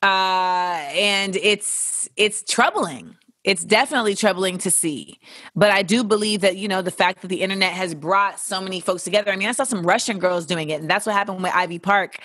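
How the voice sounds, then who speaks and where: Young woman host just talking straight, blunt and swears a bit, mid pitch, dry close mic. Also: normal speed, a bit bright, no room sound. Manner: blunt, candid and profane, with playful voices for quotes. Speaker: host answering listener questions. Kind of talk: casual chat.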